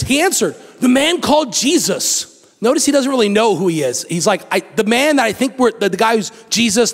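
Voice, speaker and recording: A male pastor preaching a sermon, animated and acting out the story in different voices. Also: high voice, big-room sound. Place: church sanctuary.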